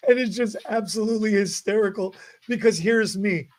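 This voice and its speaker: A man co-hosting a salon industry podcast, telling animated stories in casual chat. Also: high-pitched, moderate pace. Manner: animated storyteller, laughs often. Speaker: podcast co-host.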